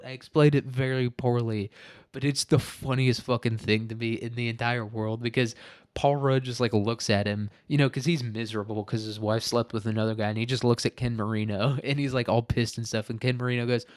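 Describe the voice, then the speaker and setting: A man's voice: mid-range voice, steady tone, brisk, no echo. Profane rambling male podcast host, dry sound. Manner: rambling, profane, laughs often. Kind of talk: casual solo podcast monologue.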